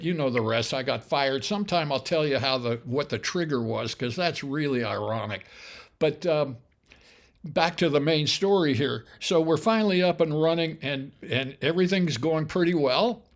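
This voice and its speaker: A man's voice: on the high side, animated, moderate pace. An older man hosting a show, casually telling his own business history in a chatty, wry way, full of asides and self-corrections. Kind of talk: casual spoken memoir storytelling.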